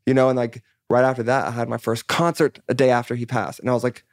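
A young California man, a musician guest, chats candidly in a very fast, loose, rambling way, with a mid-range voice and level tone. He peppers his speech with "like" and curses and reenacts his own past conversations; the sound is dry and close with no echo.

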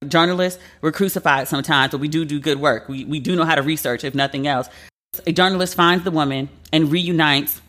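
Her voice is low and fairly bright, and she moves at a fairly quick pace. As a podcast host doing casual solo storytelling, the woman recounts a tale chattily and emotionally, with many fillers along the way.

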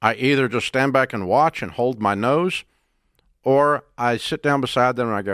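A man's voice: mid-range voice, normal speed, a bit bright, clear, resonant tone, no room sound, studio quality. An older man hosting a call-in radio show, giving blunt, emphatic, folksy advice.

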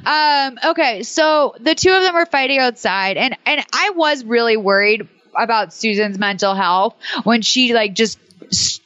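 Brief: wry rambling female co-host, higher voice, dull dry recording. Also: unhurried, fairly bright tone, no echo. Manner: wry, chatty, many fillers like "like" and "um". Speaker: podcast co-host. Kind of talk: casual chat.

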